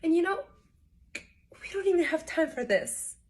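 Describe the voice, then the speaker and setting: A woman acting a monologue as an exasperated wife scolding her husband, reproachful and measured. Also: very high voice, very animated, full character voice. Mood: hurt, reproachful.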